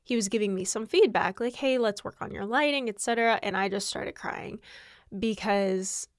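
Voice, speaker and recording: A young adult woman hosts her own podcast, speaking at a normal speed and medium pitch on a dry, studio-quality recording. Exhausted, she rambles candidly and laughs often.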